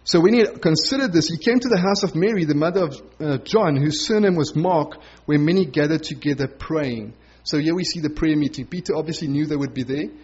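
Male pastor, casual sermon, husky voice, lo-fi sound. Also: a little high, a little fast, few pauses, a little mellow. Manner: conversational, acts out quoted voices.

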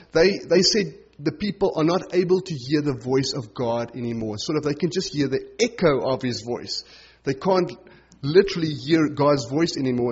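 A man's voice: on the high side, slightly rough, highs cut off. A man preaching a conversational Bible-teaching sermon, explaining things informally with lots of "sort of" and "you know".

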